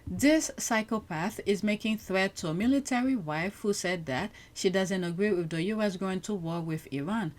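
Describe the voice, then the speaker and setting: A woman's voice: mid-range voice, normal speed, few pauses. A woman with a mid-range voice hosts a commentary show. She reacts to clips in a casual, outspoken way and often exclaims in disbelief. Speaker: show host.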